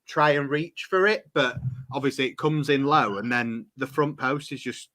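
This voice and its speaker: A man's voice: mid-range voice, normal speed, a bit bright. A man hosting a casual football chat on a call, swearing freely and laughing often. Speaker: host.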